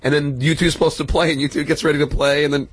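A man reporting on a radio show, halting with many fillers and repeats. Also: a little high, flat delivery, slight background noise. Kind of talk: casual radio banter.

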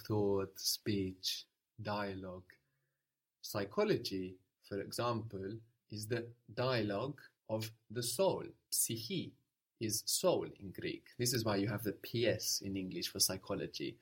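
A man's voice: on the low side, husky. A man teaching a language lesson, patiently prompting, repeating answers and explaining where words come from.

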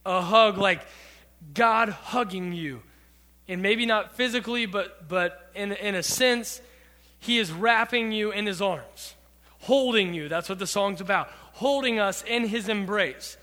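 A bright, high-voiced man preaches to a youth group, working through a song's lyrics one line at a time. His earnest voice carries a long reverb from a church hall. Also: a little slow. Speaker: youth pastor. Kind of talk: sermon.

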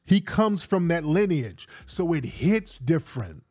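A man's voice: a little high, sing-song, unhurried, a little mellow. A man hosting a podcast, giving casual commentary in streetwise slang and repeating himself for emphasis. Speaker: podcast host.

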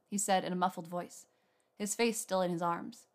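A woman narrating a storybook in a steady, measured way. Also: on the low side. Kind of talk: storybook reading.

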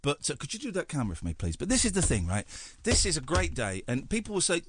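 A man's voice: on the high side, huge pitch swings, quick pace, hardly any pauses, breathy edge, no echo, clean studio sound. A middle-aged man from Britain hosting late-night radio, talking in a sarcastic, mock-gushing way. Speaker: radio host. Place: radio studio. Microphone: studio microphone.

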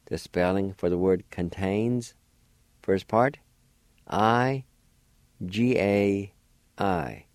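A man's voice: fairly low pitch, a little mellow, no echo. A man hosting a radio language lesson, pronouncing words syllable by syllable and encouraging listeners. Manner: slow, careful syllable-by-syllable pronunciation. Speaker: radio host and language teacher.

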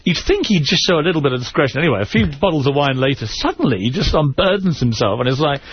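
Fast-talking man telling stories. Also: on the high side, slightly rough, dry recording. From England. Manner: fast, animated storyteller. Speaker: guest, former tabloid editor. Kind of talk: casual anecdote on a radio talk show. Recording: muffled radio broadcast.

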